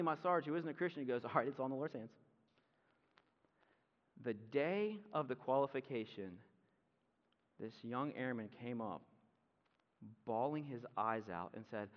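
A pastor giving a conversational sermon with casual asides. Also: male voice, fairly high pitch, expressive, normal speed, pauses often. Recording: muffled sound with long hall reverb.

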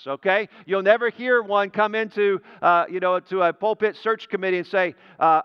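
A man preaching a sermon as pastor, emphatic and deliberate, letting his voice drop low at the ends of phrases. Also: steady tone, clear, resonant tone, big-room sound, highs cut off. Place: church sanctuary.

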